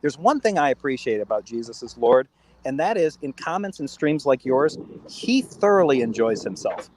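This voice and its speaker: A man's voice: mid-range voice, big pitch swings, moderate pace, noisy background. A man taking part in a casual online call about a debate he was in, hesitating and correcting himself as he talks. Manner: hesitant, searching, self-correcting.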